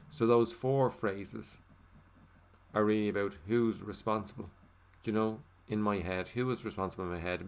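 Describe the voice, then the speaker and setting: A man with a very deep voice speaks a first-person voiceover about his meditation practice. His delivery is loose and conversational, full of "you know" and "like". He sinks into a soft murmur as he repeats the meditation phrases. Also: steady tone, normal speed, vocal fry, smooth. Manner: casual, with many fillers like "you know" and "like". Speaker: English voiceover for a signed video.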